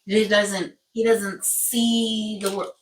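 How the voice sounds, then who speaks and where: A young woman in easy, playful conversation, teasing and laughing as she talks. Her voice sits at a middle pitch and is picked up from some distance off the mic. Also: flat delivery, takes it slowly, background noise. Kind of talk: casual chat.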